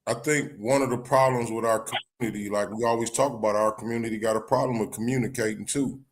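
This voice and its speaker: Calm man on a live talk stream. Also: lowish voice, fast. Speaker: podcast co-host. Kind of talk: casual talk.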